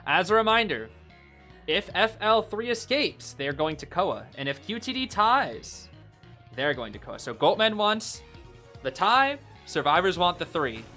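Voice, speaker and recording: A man giving casual, excitable live commentary on a game match, rambling with lots of fillers. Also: high-pitched, a little slow, soft background music.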